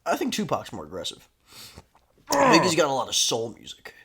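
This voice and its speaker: Animated young male podcast co-host. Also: mid-range voice, brisk, husky. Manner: animated, joking, swears freely. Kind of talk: casual comedy chat.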